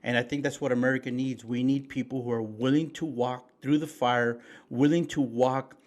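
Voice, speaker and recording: A man's voice: mid-range voice, steady tone, moderate pace. Man, folksy, preachy, fillers and restarts, co-host chat. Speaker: podcast co-host. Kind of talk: casual political chat.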